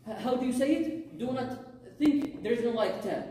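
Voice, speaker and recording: A woman's voice: high-pitched, moderate pace, dark tone, distant mic, slight background noise. A woman teaching a Quran recitation class, explaining the rules and drilling phrases aloud, often checking with her students. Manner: explains patiently, drills Arabic phrases aloud, asks "huh?" to check understanding. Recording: very echoey room, voice picked up from afar.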